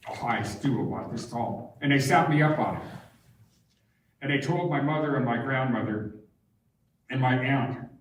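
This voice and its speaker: A man talks to a live audience in a large barn, heard from a distant mic, so his voice rings through a very echoey hall. his pitch is mid-range for a man. he tells his story in a meandering, conversational way, with a faint hiss under it. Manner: meandering, conversational, self-restarting. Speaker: guest speaker.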